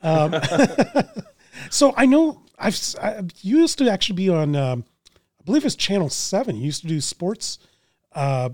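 A man's voice: sits high, sing-song, measured pace, darkish tone, no room sound, clean studio sound. A man hosting a podcast, chatting casually with a guest and reacting with laughs and short remarks. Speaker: podcast host. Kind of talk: casual chat.

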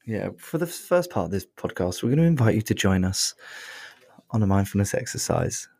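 A man's voice: lowish voice, sing-song, a little fast, gravelly, a little mellow, dry recording, studio quality. A man, a podcast guest talking casually and joking into a desk mic. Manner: joking, chatty, says "mate" a lot. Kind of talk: casual chat. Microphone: desk mic in a cradle.

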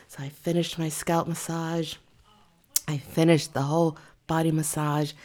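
Speaking in a low-pitched voice, a woman who works as a massage therapist shares an animated, casual story from her job, playing both parties in the conversation.

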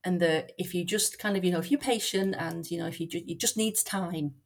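A woman with a somewhat low voice answers questions as an academic guest on a podcast. She thinks aloud, often restarting and pausing on fillers. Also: gravelly. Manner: thoughtful, many fillers and restarts. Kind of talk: podcast interview.

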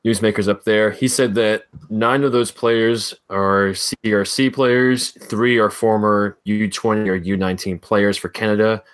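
Low-voiced hesitant podcast co-host. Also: male voice, steady tone, unhurried, few pauses. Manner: hesitant, hedging, filler-heavy. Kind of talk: casual podcast chat.

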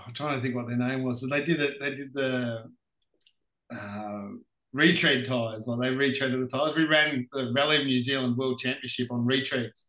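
An Australian racing driver with a medium-pitched voice, appearing as a podcast guest, tells racing stories in a casual storytelling interview. His anecdotes are animated and he laughs often, and the room sounds roomy and echoey.

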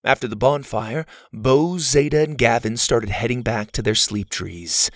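A man narrating a children's adventure story in a lively storytelling manner. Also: medium pitch, a little slow, dry recording, studio quality.

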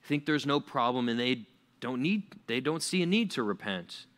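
Animated, bright-voiced preacher man. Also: medium pitch, normal speed. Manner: animated, conversational, acts out stories; frequent "like" fillers. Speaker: pastor. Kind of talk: sermon.

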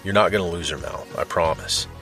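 A brisk, commanding female agent, voiced by a man who keeps her team moving. The delivery is clipped and direct in a very low register, with faint music underneath. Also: sharp tone.

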